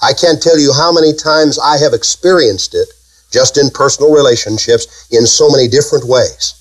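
A man's voice: medium pitch, lively intonation, moderate pace, rough recording. A man preaching a sermon, emphatic and full of rhetorical questions to his congregation.

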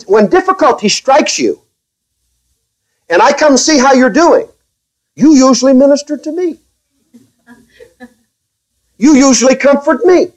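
A man preaching a sermon as pastor to his own congregation, speaking carefully, with restarts and wry, gently sarcastic asides. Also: very high-pitched, low-quality recording.

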